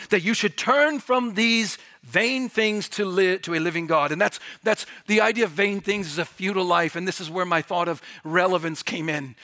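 A man preaching a sermon, animated and emphatic, rising to near-shouts when he presses a point. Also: high voice. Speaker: pastor.

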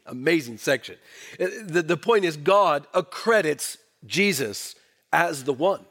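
A male pastor preaching a sermon, swinging from emphatic declarations to hushed, low asides. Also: very animated, unhurried.

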